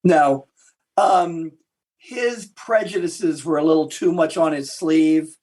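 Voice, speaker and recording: Slowly and with a husky, high voice, a male guest historian tells animated stories in response to interview questions, often starting over mid-thought.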